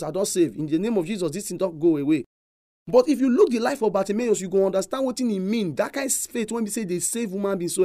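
Nigerian pastor, man, high and dark-toned, repetitive emphatic preaching. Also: dry recording, studio quality. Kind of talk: preaching sermon in Pidgin.

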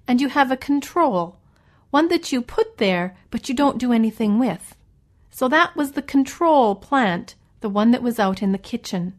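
Slow, patient woman teacher spelling words. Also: on the high side. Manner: patient, spells words out letter by letter and explains each one. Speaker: English language teacher. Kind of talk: slow vocabulary lesson around a read-aloud story.

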